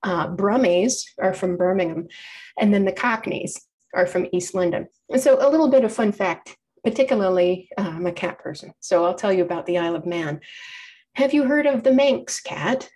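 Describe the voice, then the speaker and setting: A woman presents a library talk in a friendly, conversational way. She explains as she goes, circles back to fix her own wording and keeps things light. Her pitch sits in an ordinary middle range. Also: expressive, moderate pace, a little mellow. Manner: chatty, explanatory, frequent self-corrections. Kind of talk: informal public lecture.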